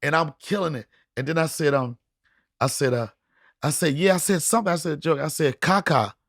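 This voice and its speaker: A middle-aged man, a guest comedian, telling stories in podcast chat, animated and acting out voices with frequent laughter. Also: on the high side, brisk, no echo, studio quality. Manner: animated storyteller, acts out voices, laughs often.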